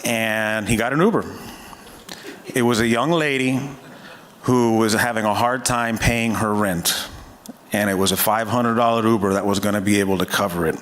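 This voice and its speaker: A fire division chief speaking at a memorial, telling a story in a measured way with frequent hesitations. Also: male voice, lowish voice, steady tone, a bit bright. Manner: measured, hesitant with many uhs. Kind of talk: memorial speech.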